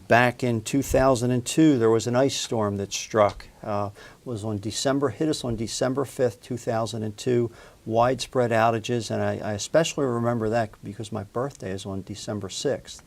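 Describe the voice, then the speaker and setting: A man, a city utilities official, answering in a measured, earnest way with frequent pauses. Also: mid-range voice, steady tone, creaky. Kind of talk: interview answers.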